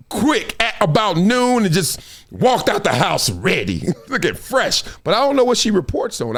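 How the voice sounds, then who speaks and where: Animated, high-pitched male host. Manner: animated, slangy, laughs often, quick jumps in pitch. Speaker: show host. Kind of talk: casual chat.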